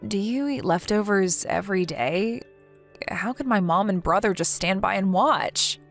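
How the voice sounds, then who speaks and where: Text-message story: a woman playing a caring, outspoken young woman, firm and reassuring, mid pitch. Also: a little slow, soft background music, natural voice.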